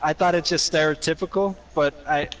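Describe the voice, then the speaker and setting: Halting, rambling man with a Minnesotan accent and a fairly high voice. He is chatting over a hissy call line. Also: steady tone. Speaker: guest on a voice call. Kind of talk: casual chat. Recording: noisy voice-chat line.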